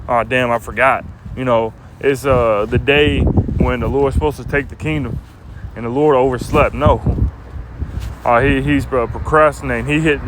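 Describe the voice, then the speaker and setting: A man preaching informally and reading scripture aloud, casual and halting, often ending lines with "man," recorded outdoors in a city. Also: mid-range voice. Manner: casual, repeats "man" at line ends, halting fillers. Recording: loud wind and traffic noise outdoors.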